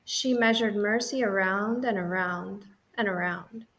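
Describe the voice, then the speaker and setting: Slow, expressive woman reading a storybook. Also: medium pitch. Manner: gentle, clear and expressive. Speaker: audiobook narrator. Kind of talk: children's audiobook narration.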